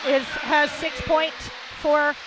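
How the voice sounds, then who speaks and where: A woman's voice: sits high, flat delivery, takes it slowly, music in the background. A woman giving color commentary on a basketball game, analytical and plain-spoken with a folksy turn of phrase. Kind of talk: sports commentary.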